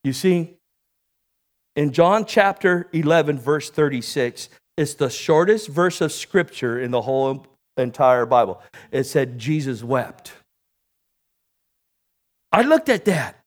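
A man preaching a sermon, calling for amens from the congregation and building to shouted peaks. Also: a little high, animated, slow, long pauses. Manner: call-and-response preaching, rising to shouts.

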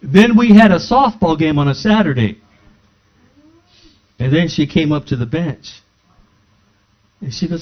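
Animated preacher man, lo-fi recording. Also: a little high, a little slow, pauses often. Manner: animated, acts out dialogue in his stories. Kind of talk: sermon storytelling. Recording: dull lo-fi recording.

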